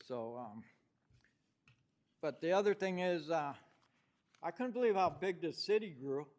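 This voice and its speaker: A man's voice: fairly high pitch, expressive, a little slow, a little mellow, muffled recording. An older man with a New York accent giving a rambling, heartfelt public comment at a city council meeting. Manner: rambling, heartfelt, with many fillers.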